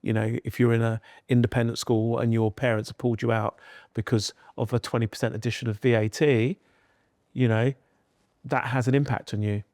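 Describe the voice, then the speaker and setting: A man's voice: medium pitch, flat delivery, a little fast, darkish tone, no room sound, clean studio sound. A middle-aged man from London, a podcast guest who talks earnestly and tells stories with animation. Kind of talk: podcast interview.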